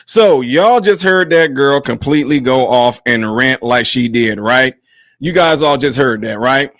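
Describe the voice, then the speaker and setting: A man's voice: medium pitch, a little slow, fairly bright tone, no echo, studio quality. Combative man hosting a commentary vlog. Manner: combative, mocking, addresses viewers as y'all. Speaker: host.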